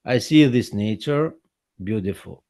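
Man, filmmaker presenting his own story, slow and halting non-native English, earnest, dry close sound. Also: fairly low pitch, expressive, darkish tone, no echo. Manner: halting non-native English, many restarts and repeated words. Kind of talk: personal account in a presentation.

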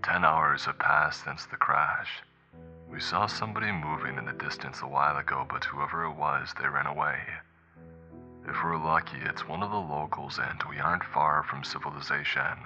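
Stranded captain, deep low voice, subdued log entries by a male narrator, soft music under. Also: fairly even intonation, moderate pace, muffled recording, heavily acted. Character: frightened male airline captain, recorded log.

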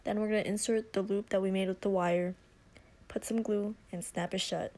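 A young woman in a loose, casual voice-over, swearing freely as she talks through a craft project. Her voice sits at an ordinary middle pitch, and she is a bit breathless from leaning into the mic. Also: flat delivery, quick pace, darkish tone. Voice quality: loose, profane and chatty. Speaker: vlogger. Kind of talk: casual DIY tutorial voice-over.

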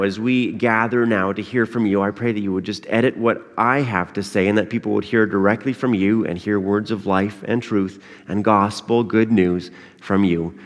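Man preaching in a reverberant church. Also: fairly low pitch. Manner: conversational, with frequent uh and um. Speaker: pastor. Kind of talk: sermon. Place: church sanctuary.

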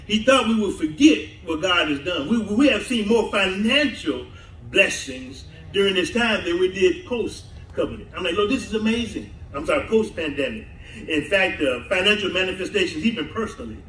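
In an echoey church sanctuary, picked up by a far-off mic with slight background noise, a man from the southern US preaches as pastor. His high, sharp voice moves at a moderate pace with lively intonation, and he laughs often while the congregation responds to his calls.

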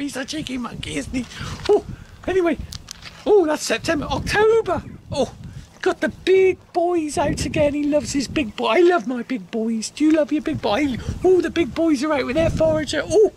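A man's voice: very high-pitched, darkish tone, a little hiss or hum. Man doing Veronica, a cooing vain supermodel. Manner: cooing, giggly, full of drawn-out oohs. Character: vain, flirty female supermodel. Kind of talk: comic character monologue.

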